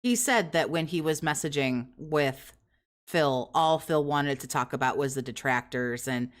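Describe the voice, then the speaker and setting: A woman's voice: sits low, a little slow. A woman hosting a reaction commentary, mocking and sarcastic, swearing freely. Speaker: commentary host.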